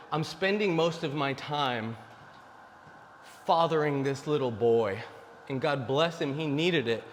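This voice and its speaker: A man's voice: fairly high pitch, slight background noise. Blunt man in his forties, reverberant. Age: 40s. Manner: blunt, preachy, addresses viewers as guys. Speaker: dating advice vlogger. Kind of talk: casual direct-to-camera monologue.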